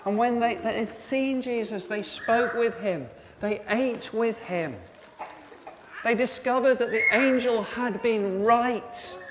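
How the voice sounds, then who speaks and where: In a reverberant church with faint noise, a male pastor delivers an Easter sermon for all ages in a very high voice at a slow pace. He poses questions to the congregation and repeats their answers back.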